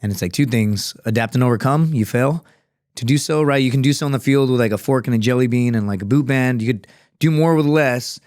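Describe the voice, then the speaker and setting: A man's voice: medium pitch, a little fast, a little mellow, no room sound, studio quality. A man, a former Marine and fighter, telling a story as a podcast guest in a casual, rambling way full of fillers and swearing. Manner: profane, rambling, many fillers.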